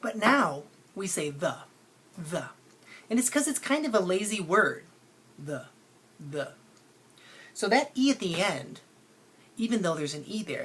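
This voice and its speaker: A woman's voice: lowish voice, a bit bright. A woman teacher giving a phonics lesson to children, patient and playful, stretching out sounds to show how words are said.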